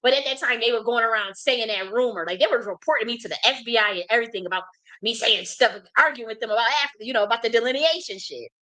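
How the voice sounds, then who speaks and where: Profane, animated American woman storyteller. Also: on the high side, quick pace, poor audio. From United States. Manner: blunt, profane, animated storyteller with frequent restarts. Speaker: host. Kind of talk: casual storytelling monologue.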